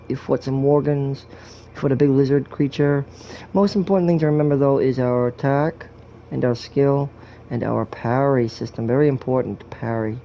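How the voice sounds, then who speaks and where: Crude joking game commentator, gravelly. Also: male voice, medium pitch, warm tone, a little hiss or hum. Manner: crude, rambling jokes with swearing.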